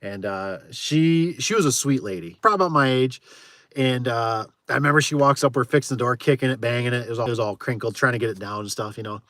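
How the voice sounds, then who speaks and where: A man's voice: medium pitch, quick pace, fairly bright tone, no room sound, studio quality. A man who runs a garage door repair business, chatting casually with viewers on a livestream, laughing often and tossing in frequent exclamations.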